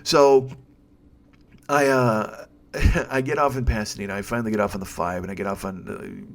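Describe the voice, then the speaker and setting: A man's voice: fairly low pitch, steady tone, normal speed. A man in his forties, a comedian hosting a podcast, telling a rambling story with constant swearing and exasperation. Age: 40s. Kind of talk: profane storytelling monologue.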